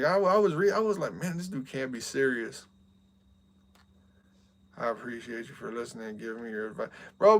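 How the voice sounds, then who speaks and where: A young man streaming and chatting casually, venting with heat and repeating "bro" and "man" a lot. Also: on the high side. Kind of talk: casual chat.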